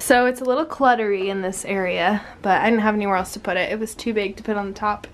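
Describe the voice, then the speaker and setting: A woman's voice: medium pitch, fairly even intonation, fast talker, few pauses, slight background noise. Chatty young woman vlogging at home. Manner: chatty, rambling, lots of "like" fillers. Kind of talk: casual chat.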